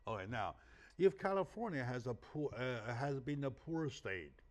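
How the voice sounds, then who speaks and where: A man's voice: mid-range voice, sing-song, moderate pace, a little mellow. A man whose first language is Chinese hosting a talk show, emphatic and fond of rhetorical questions with a tag "right?". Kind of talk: animated interview talk.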